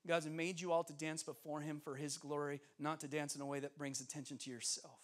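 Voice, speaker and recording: A man's voice: fairly high pitch, brisk. A young man preaching as a guest speaker, telling stories with laughter and acting out the voices of people in them. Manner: animated, laughing, acts out voices in his stories. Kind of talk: sermon storytelling. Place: church sanctuary.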